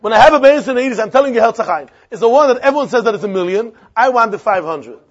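A man's voice: extremely high pitch, expressive, quick pace, husky. A man teaching a Talmud lesson, repeating phrases and posing and answering his own questions. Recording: dull lo-fi recording with faint crowd.

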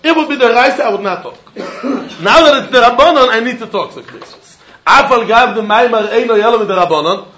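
Animated high-voiced man teaching Talmud. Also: a little fast. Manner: animated, questioning, mixing English and Yiddish. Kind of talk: yeshiva-style Talmud lesson. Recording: dull echoey room with faint noise.

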